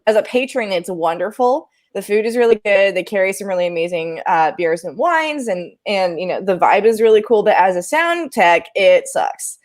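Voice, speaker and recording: An animated woman recounts a gig from her work as a sound engineer, her voice sitting in a comfortable middle range. She talks in a loose, casual podcast manner. She laughs easily at her own mistakes. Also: mid-range voice, moderate pace, few pauses. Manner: animated, laughs often, self-deprecating.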